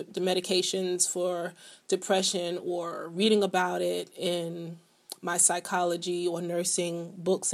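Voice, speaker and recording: A middle-aged woman hosting her own podcast, talking candidly and chattily, addressing her listeners directly. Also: on the low side. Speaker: podcast host. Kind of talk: casual personal podcast monologue.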